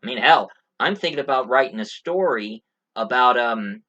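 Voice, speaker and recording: A man's voice: mid-range voice, expressive, moderate pace, pushed and bright, dull audio. Casual male movie reviewer, rambling and jokey. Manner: rambling, many fillers, joking asides.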